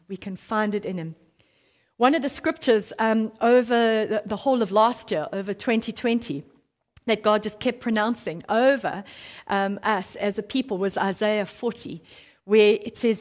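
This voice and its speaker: A woman preaching a sermon, earnest and animated, quoting scripture with emphasis and breaking into light laughs. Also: mid-range voice. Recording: long hall reverb.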